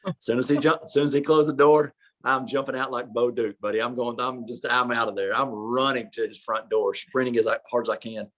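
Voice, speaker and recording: A man who is a podcast guest, telling animated stories and banter, laughing and acting out voices. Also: mid-range voice, a little fast. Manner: lively, laughing, acts out quoted voices.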